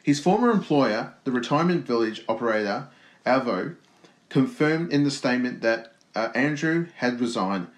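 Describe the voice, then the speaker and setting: A man's voice: medium pitch, expressive. Casual male co-host, jokey, trips over words while reading out a story; echoey room. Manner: joking, halting reading with restarts and asides. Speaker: podcast co-host. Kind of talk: casual chat, reading news aloud.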